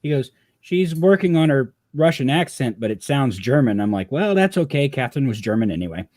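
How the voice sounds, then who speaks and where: Male co-host and writer, tells animated anecdotes, dry close sound. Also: mid-range voice, fairly quick, dry recording. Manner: animated storyteller, acts out quotes. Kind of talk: casual livestream chat.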